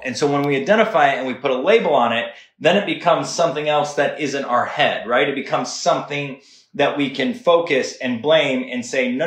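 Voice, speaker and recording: An animated man in casual podcast conversation, earnest and quick, tossing "right?" into his points. His voice sits at a middle pitch, and the sound is roomy, with echo around it. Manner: earnest, animated, talks fast with many "right?" asides. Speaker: guest.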